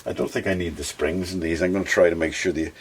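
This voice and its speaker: A man with a very low voice talks casually as he works on a guitar, thinking out loud and chatting to the viewer. Faint noise and small clicks sit behind him. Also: fairly even intonation, quick pace. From Scotland. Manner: chatty, talks to himself while working, sing-song bursts. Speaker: hobby guitar builder. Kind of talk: casual workshop vlog talk.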